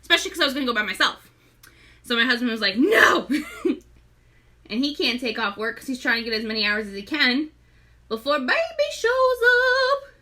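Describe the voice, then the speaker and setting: A woman's voice: fairly high pitch, quick pace, pauses often, bright, forceful tone. A young pregnant woman hosting a casual live makeup tutorial, chatty, greeting viewers by name and often short of breath. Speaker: makeup seller and live-stream host.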